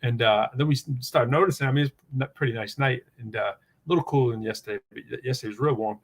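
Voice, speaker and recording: A man's voice: medium pitch, very fast. A man hosting a live show, rambling and joking in loose, casual banter. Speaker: show host.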